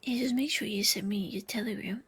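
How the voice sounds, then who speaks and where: A woman speaking in a husky, gravelly whisper during a whispered role-play, drowsy and low-key. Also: fairly quick, fairly bright tone.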